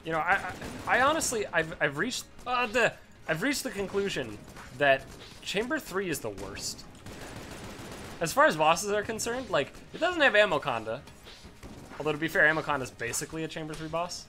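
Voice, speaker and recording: A young man hosting a let's play, rambling through casual gameplay commentary, swearing freely with excitable bursts. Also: fairly high pitch, normal speed, slight background noise.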